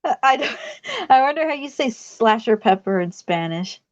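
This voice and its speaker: A woman's voice: on the high side, very animated, normal speed, no echo. A young woman teasing and giggling in a casual livestream chat. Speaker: livestream co-host. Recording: dull dry lo-fi sound.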